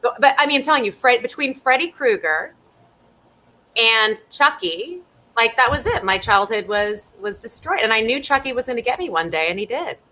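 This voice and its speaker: A woman's voice: fairly high pitch, expressive, moderate pace, pushed and bright. A woman from Southern California, an actress chatting playfully and laughing often as a guest in a live online interview from home over a video call. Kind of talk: casual live interview chat.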